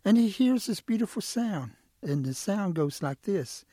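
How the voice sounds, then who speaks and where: A man telling a folk tale as a storyteller, relaxed and lively with fillers. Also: high-pitched, unhurried, heavy background noise.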